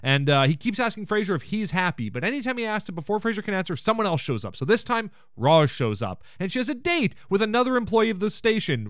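Excitable high-voiced man recapping a show. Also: no echo, studio quality. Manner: enthusiastic, chatty, quick joking asides. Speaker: podcast host. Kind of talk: casual episode recap chat.

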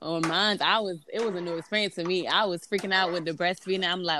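A woman's voice: on the low side, fairly even intonation, brisk, hardly any pauses. A woman talking candidly in a casual chat about new motherhood, dropping words as she talks. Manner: candid, conversational, drops verbs. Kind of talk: casual chat among moms. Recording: background noise.

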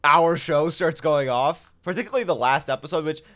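A man's voice: fairly high pitch, fairly quick, a bit bright, a little hiss or hum. A man co-hosting a podcast, chatting casually with crude jokes and frequent laughter. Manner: crude, joking, laughs often. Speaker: podcast co-host. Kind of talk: casual chat.

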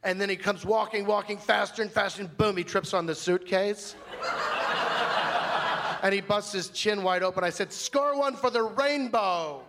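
A man's voice: high-pitched, flat delivery, moderate pace, long pauses, very noisy. A man playing a flamboyant, fussy character in a live comedy monologue, rambling in a prissy, gossipy way on a stage mic. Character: flamboyant, fussy, chatty man telling a grievance. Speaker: stand-up comic in character.

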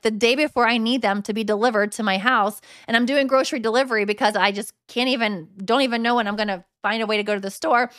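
A woman in her thirties hosts her own podcast, chatting frankly and loosely, often slipping into quoted voices of what she or others might think. Her voice sits high. The sound is dry and close, with no room around it. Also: a bit bright, no echo. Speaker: podcast host. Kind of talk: casual solo podcast talk.

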